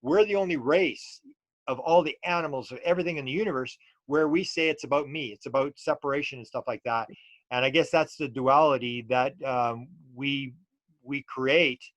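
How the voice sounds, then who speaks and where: A man's voice: mid-range voice, moderate pace, fairly bright tone, no room sound. A middle-aged man, a UFO researcher talking as an interview guest and telling stories loosely with many restarts and fillers. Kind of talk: casual storytelling interview.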